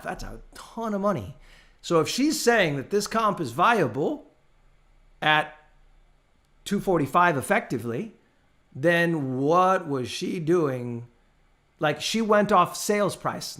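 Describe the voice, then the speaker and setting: A man's voice: a little high, measured pace. A man running a casual live training class over a video call, telling stories and acting out the people in them. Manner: animated storytelling, acts out his clients' voices. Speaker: real estate trainer.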